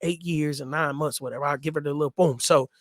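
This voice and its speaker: High-voiced man telling stories in slang. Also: steady tone, fast talker, no echo, studio quality. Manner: loose street slang, repeats himself for emphasis. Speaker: host telling his story. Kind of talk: casual storytelling.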